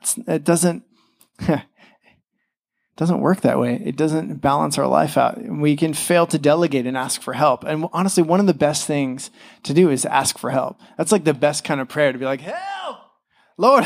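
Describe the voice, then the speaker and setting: A man's voice: a little high, moderate pace, vocal fry, a little mellow. A young man, a father, preaching a casual, chatty sermon, full of fillers and acted-out quotes. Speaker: pastor.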